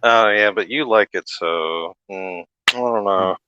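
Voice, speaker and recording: A man's voice: on the low side, dull audio, background noise. A man co-hosting a casual gaming podcast, making jokes and laughing easily. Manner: joking, quick to laugh. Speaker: podcast co-host.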